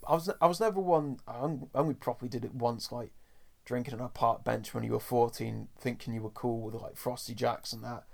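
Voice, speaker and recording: A man's voice: medium pitch, fairly even intonation, a little fast, vocal fry. A young man, hosting a casual, rambling podcast chat and playfully acting out quotes. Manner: rambling, filler-heavy, playfully acts out quotes. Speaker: podcast host. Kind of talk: casual chat reviewing a cartoon episode.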